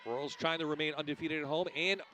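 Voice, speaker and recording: A man calling a college basketball game play-by-play, with crisp, clipped calls and light banter with his partner. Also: a little high, steady tone, a little fast, sharp tone, slight background noise. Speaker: play-by-play announcer.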